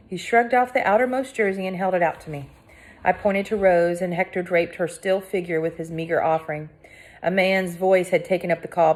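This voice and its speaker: A woman reading a first-person audiobook aloud with dramatic, tense delivery that drops to hushed tones. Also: on the low side, fairly even intonation, normal speed. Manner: dramatic, swinging between hushed and cried out. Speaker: audiobook narrator.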